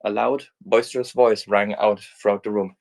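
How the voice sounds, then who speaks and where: A man's voice: fairly low pitch, steady tone, normal speed, gravelly. A man reading a fan story aloud in a casual narration, with small slips and restarts. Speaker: fanfic reader.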